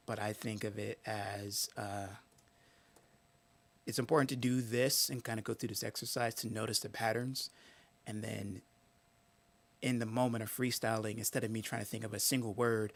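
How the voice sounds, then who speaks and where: Gravelly man thinking aloud. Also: fairly low pitch. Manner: thinks aloud, muttering words to himself. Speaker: live-stream host. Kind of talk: casual live-stream talk.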